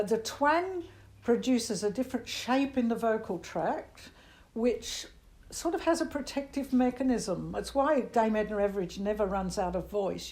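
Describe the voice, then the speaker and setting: Older Australian woman, lively singing teacher. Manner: animated, demonstrates voices with big pitch jumps. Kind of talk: interview answers.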